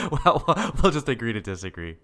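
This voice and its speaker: A man co-hosting a podcast, chatting casually about a TV episode, animated and laughing often. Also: mid-range voice, moderate pace. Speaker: podcast co-host. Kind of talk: casual chat about a TV show.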